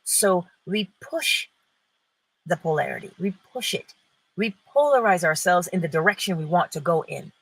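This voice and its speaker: A woman's voice: fairly low pitch, expressive, normal speed, fairly bright tone, dry recording, rough recording. A woman hosting an inspirational talk, speaking emphatically and posing rhetorical questions that she answers herself. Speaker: host.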